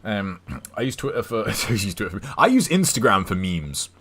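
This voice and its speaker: A man's voice: fairly low pitch, big pitch swings, moderate pace, fairly bright tone, a little hiss or hum. A young English man streaming a game, rambling and chatting casually, swearing now and then. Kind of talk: casual chat while gaming.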